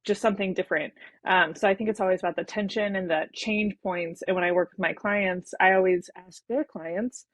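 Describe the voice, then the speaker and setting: A brand coach appearing as a guest talks casually, thoughtfully, and enthusiastically in an interview, using many "um"s and "like"s. Her mid-range voice is fairly even in intonation and brisk, with no echo.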